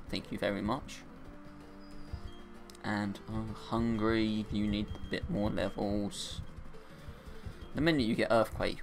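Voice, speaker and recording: A young man giving casual gameplay commentary, excitable and crying out in high-pitched dismay when things go wrong. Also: creaky. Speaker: let's play gamer.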